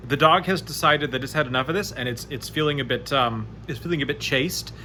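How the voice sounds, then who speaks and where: A man narrating a solo tabletop game, chatty and animated as he rolls dice aloud. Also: a little high, a little fast, slight background noise. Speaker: game master playing solo.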